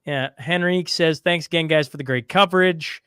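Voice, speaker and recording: A man's voice: on the high side, a little fast, pushed and bright, clean tone, no echo, clean studio sound. A man hosting a casual livestream, rambling as he reads the chat and tries to bring in guests. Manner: rambling, talks to chat and guests, frequent restarts. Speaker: livestream host.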